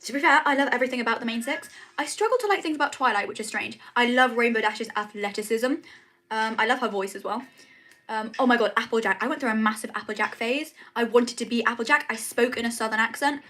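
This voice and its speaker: A woman's voice: fairly high pitch, fast, bright, forceful tone. A young woman chatting casually on a livestream from her room at home, rambling with lots of "like" and "um". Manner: chatty, rambling, says "like" and "um" often. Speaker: streamer.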